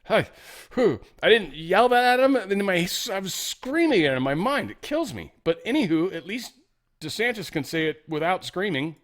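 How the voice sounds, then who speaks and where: A man's voice: sits high, big pitch swings, normal speed, a bit bright. A man hosting a casual political commentary show, reading news items and breaking into rambling, sarcastic asides.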